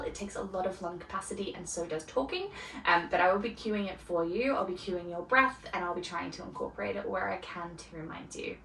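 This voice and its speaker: A woman guides a beginner yoga class in a calm, soft-spoken way, with gentle pauses between her cues. Her voice sits at a middle pitch. She is picked up from a distance in a roomy, echoey space with faint ambience behind her. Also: a little hiss or hum. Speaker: yoga teacher. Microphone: camera mic from a distance.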